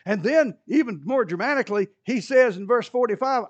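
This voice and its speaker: High-voiced animated preacher, dry sound. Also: male voice, a little fast, hardly any pauses, dry recording, highs cut off. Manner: animated, rising to hollering for emphasis, then dropping low. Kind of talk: sermon.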